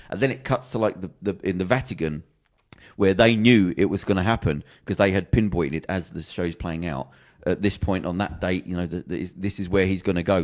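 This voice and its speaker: A man co-hosting a casual podcast, spinning out a TV plot in a rambling, animated way and throwing in voices for the characters. His voice sits low, and he talks at a quick clip that keeps tumbling forward. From England. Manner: rambling, animated storytelling with acted quotes and restarts. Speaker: podcast co-host. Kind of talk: casual chat, retelling a TV plot.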